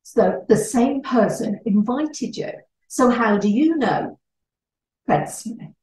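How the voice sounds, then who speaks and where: A woman gives a networking training talk with an animated delivery, slipping into short acted-out exchanges. She sits back from the microphone. The room echoes noticeably around her. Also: on the high side, slow. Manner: animated, acts out little dialogues. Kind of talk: presentation talk. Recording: echoey room, distant mic.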